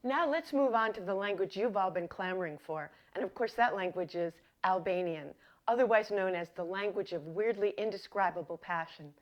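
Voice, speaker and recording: A woman hosting a comic mock language lesson, speaking in a deadpan, mock-authoritative way as a self-styled professor. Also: medium pitch, normal speed, dull audio. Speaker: comedy host.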